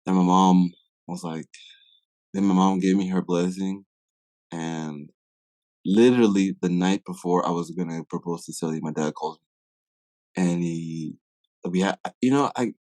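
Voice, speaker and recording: A young man from Africa tells a story as a podcast guest, with a low, deep voice. He acts out the lines of the people in it and drops "like" often. The recording is dry and close, with no room sound. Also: measured pace, long pauses, dry recording. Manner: lively storyteller who acts out quoted dialogue, with frequent "like" fillers. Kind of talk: casual storytelling.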